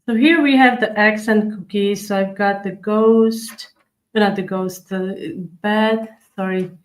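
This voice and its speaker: This live tutorial chat comes from a cookie-decorating livestream host who talks with her audience, demonstrating each step and reading comments as she goes. She speaks slowly at a medium pitch with fairly even intonation, and the recording is rough.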